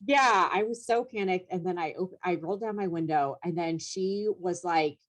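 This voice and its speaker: Young woman guest, low voice, rambling story with plenty of "like" and "um", laughs here and there; casual podcast chat. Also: normal speed. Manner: rambling, filler-heavy, laughs through story. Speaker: comedian guest.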